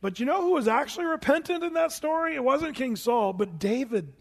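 High-voiced preacher in a reverberant hall. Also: male voice, a little fast. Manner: animated storytelling, swings between loud and hushed; humorous asides. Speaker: pastor. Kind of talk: sermon.

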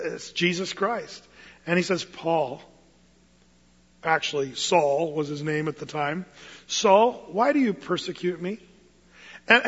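Animated male pastor preaching in a hall. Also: sits high. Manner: animated, acts out quotes in funny voices. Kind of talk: sermon. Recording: muffled sound with long hall reverb.

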